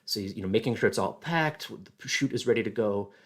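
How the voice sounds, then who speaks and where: A man presenting a casual history talk, halting and thinking aloud with many fillers. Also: fairly low pitch.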